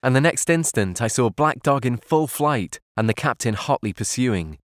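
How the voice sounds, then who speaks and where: A man narrating an audiobook in a calm, measured reading voice. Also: mid-range voice, no echo, clean studio sound.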